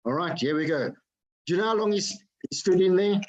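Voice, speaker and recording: A man giving an energetic motivational talk to an online group. He keeps asking his listeners questions and repeats his phrases for effect. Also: high voice, fast talker, muffled recording. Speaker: motivational speaker.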